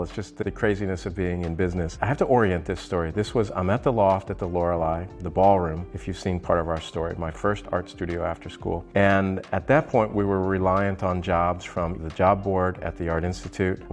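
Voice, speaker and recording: A man in his fifties, a mold maker hosting his own show, telling a business anecdote in a relaxed, wry way. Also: low-pitched. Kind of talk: casual business storytelling.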